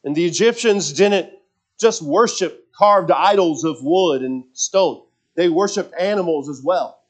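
A man's voice: sits high, unhurried. A man preaching a sermon, earnest and emphatic, often repeating words as he restarts his thoughts.

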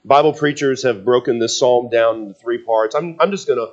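A man's voice: medium pitch, a little fast, dull audio. A man preaching a sermon, emphatic and repetitive, often restarting his sentences with fillers. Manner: emphatic, repeats himself, frequent restarts and fillers.

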